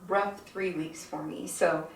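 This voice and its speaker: A woman's voice: low-pitched, steady tone, a little slow, a little hiss or hum. A woman hosting a home cooking vlog, short of breath and talking in a rambling, emotional way with lots of fillers. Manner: rambling, filler-heavy and emotional, addresses viewers as "you guys". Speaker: home cooking channel host. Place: home kitchen. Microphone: camera on a tripod. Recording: echoey room, mic at a distance.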